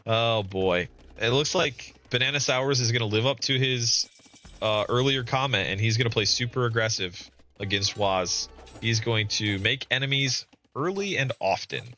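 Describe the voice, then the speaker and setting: Male streamer, bright tone, amused casual commentary with frequent chuckles. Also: medium pitch, normal speed, a little hiss or hum. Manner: amused, chuckles often, reads out chat.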